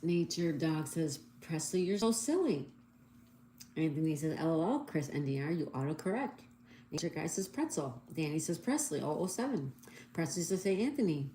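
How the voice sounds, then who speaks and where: A woman's voice: low voice, very animated, normal speed, warm tone. Woman hosting a chatty livestream. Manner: reads viewer comments aloud, cheerful greetings. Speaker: livestream host. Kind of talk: casual live chat reading comments. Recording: echoey room, faint background noise.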